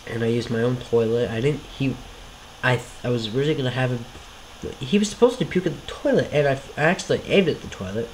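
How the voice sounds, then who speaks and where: A man's voice: mid-range voice, expressive, fast, a little hiss or hum, poor audio. Rambling man commenting on his videos. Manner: rambling, self-deprecating, apologetic. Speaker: video creator commenting on his own series. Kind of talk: casual commentary over his own videos.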